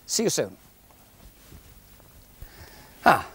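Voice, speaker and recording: A man's voice: drawn-out words, fairly bright tone, no echo. A man hosting a comic puppet show, narrating in a chatty, amused, reporter-like way. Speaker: host and narrator. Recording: noisy background ambience.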